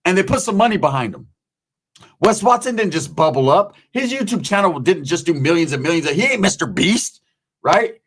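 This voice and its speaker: A man with a somewhat high voice rants and tells stories in loose street slang. He swears constantly as he comments on a video. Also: big pitch swings, a little fast, husky. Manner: profane, streetwise storytelling with slang. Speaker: commentary YouTuber. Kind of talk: casual commentary rant. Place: home.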